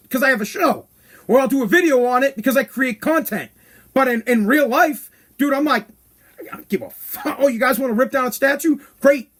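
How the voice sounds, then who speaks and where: Blunt ranting man, high-pitched. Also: fairly bright tone. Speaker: podcast host. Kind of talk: casual opinion monologue.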